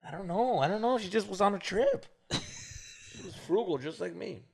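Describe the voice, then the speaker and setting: Podcast co-host, SoCal man, slightly high and highly animated, casual swearing storyteller. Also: moderate pace, vocal fry, breathy edge.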